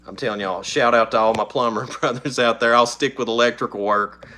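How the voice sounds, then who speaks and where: A man's voice: medium pitch, fairly even intonation, a little fast, bright, forceful tone. A middle-aged man, chatting casually on his channel in a rambling, folksy way with frequent laughs. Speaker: channel host. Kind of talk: casual live-stream chat.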